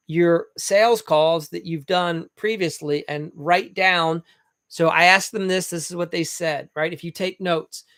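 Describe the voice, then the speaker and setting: Remodeling coach guy, kinda high voice, blunt and chatty, dry close sound. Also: fairly bright tone, no echo. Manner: blunt, folksy, acts out little dialogues. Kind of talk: casual coaching monologue.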